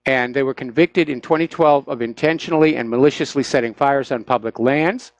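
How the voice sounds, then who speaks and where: A man's voice: medium pitch, fairly quick, no echo. A man hosting a talk radio show, giving opinionated, sarcastic commentary with frequent "uh" fillers into a studio microphone.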